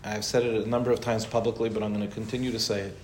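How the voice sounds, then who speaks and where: A low-leaning, fairly monotone man talks rapid-fire as he answers questions in a casual Torah class. He mixes Hebrew and Yiddish into his conversational speech, recorded in an echoey space with a faint hiss of noise.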